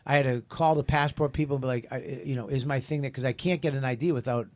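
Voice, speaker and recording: Brief: male host, mid-pitched, animated comedic storyteller. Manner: animated storytelling, quick laughs. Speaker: radio show host. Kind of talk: casual comedic banter.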